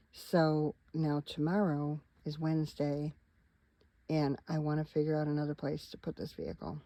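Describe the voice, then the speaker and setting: A middle-aged woman talks from inside her van at night, tired and yawning as she rambles straight to her viewers. Her voice is mellow and gravelly, and the sound is close and dry. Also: sits low, dry recording, poor audio. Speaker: van life vlogger. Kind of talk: casual rambling vlog chat.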